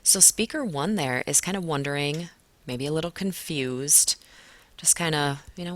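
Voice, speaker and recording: A woman teacher talking a class through a poem in a relaxed way, with frequent fillers. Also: low-pitched, a little fast. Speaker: English teacher. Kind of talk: recorded classroom lesson walkthrough.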